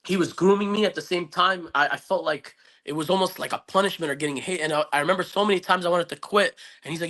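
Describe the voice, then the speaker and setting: A man's voice: sits high, fast, few pauses, sharp tone. A man speaking as a podcast guest, telling a personal story in an earnest, reflective way that rambles with many restarts. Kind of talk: casual interview storytelling.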